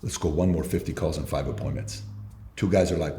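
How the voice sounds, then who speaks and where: In a storytelling interview, a guest entrepreneur with a very deep, mellow voice speaks quickly and with fairly even intonation, acting out both sides of his dialogues. There's a roomy echo and slight background noise.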